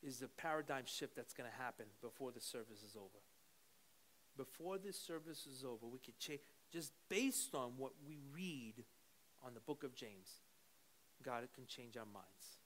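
A man preaching a sermon to a church congregation, moving from quiet teaching into fervent prayer. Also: mid-range voice, moderate pace, a little hiss or hum. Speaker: pastor. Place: church service.

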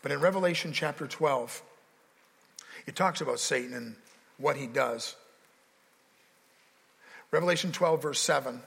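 A man's voice: mid-range voice, unhurried, gravelly, pauses often, fairly bright tone, breathy edge, big-room sound. A man preaching a sermon as pastor, with rising emphasis and dramatic quoted voices, recorded in a church sanctuary.

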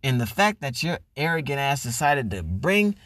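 A man's voice: mid-range voice, very animated, normal speed, no room sound. Guy ranting on his podcast, swears a lot, mocks folks, voice jumps all over, dry close mic. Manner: loud, profane, mocking, acts out voices. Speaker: podcast host. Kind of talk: profane comedic rant.

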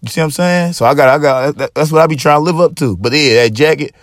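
A man's voice: on the high side, fast, dry recording, studio quality. A man hosting a podcast in casual chat, swearing freely and rambling with many fillers and restarts. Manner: profane, rambling, lots of fillers and repeats. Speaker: podcast host.

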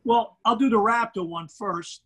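A middle-aged basketball commentator with a Brooklyn accent, chatting animatedly in an interview and tripping over repeated words. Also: male voice, sits high, unhurried, bright, forceful tone, slightly rough, rough recording. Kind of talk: casual interview chat.

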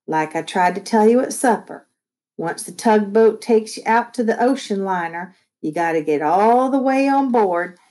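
A woman reading the lines of a large, warm foster mother who speaks softly in a folksy dialect. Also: medium pitch, lively intonation, normal speed, close to an everyday voice. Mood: gentle. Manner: soft, tender, folksy dialect.

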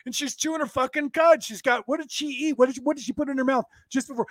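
A man's voice: very high voice, quick pace, no echo. A man hosting a rambling, profane comedic rant from his desk. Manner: profane, rambling, laughing at his own jokes. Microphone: desk setup.

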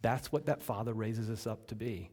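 A male pastor preaching a sermon, asking rhetorical questions and swinging between loud emphasis and hushed, slowed lines. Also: fairly low pitch. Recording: long reverb from a large hall.

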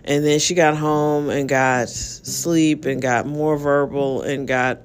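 A woman's voice: low voice, steady tone, slow pace. A middle-aged woman hosting a casual solo podcast, exhausted and rambling, with lots of fillers and yawns. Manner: rambling, tired, yawning, with many fillers. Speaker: podcast host.

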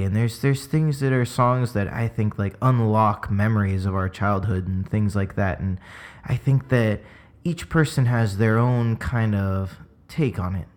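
A man's voice: lowish voice, unhurried, a little mellow. A man chatting casually as a podcast guest, reflective and rambling, swearing now and then.

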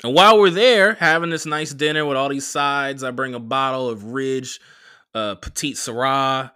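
A young man hosting a podcast, telling a story in a casual, profane, animated way and acting out the quotes. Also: medium pitch, moderate pace, smooth, no room sound, clean studio sound. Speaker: podcast host.

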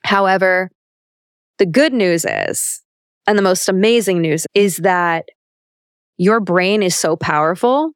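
Smooth-voiced young woman, emphatic and profane. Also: on the low side, takes it slowly, pauses often, no room sound, clean studio sound. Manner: candid, emphatic, swears freely. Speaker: podcast host. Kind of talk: motivational self-help monologue.

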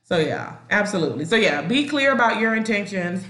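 A woman talking in a loose, slangy way on a podcast, her pitch jumping all over as she acts out little scenes. The room is echoey around her. She keeps things casual and conversational. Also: brisk. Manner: animated, acts out quoted voices, slangy. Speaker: therapist co-host.

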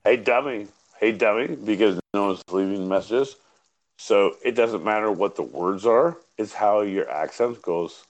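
A man's voice: fairly low pitch, unhurried, darkish tone, lo-fi sound. A man co-hosting a live podcast, rambling, joking and swearing in loose casual banter. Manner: rowdy, profane, rambling, joking. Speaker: podcast co-host.

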